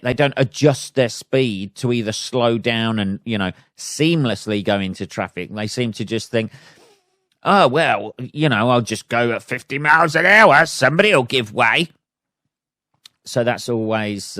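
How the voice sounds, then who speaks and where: A man's voice: fairly low pitch, no echo, studio quality. A man, a podcast host and stand-up comedian, ranting in a sweary, rambling, self-amused way in a casual solo chat.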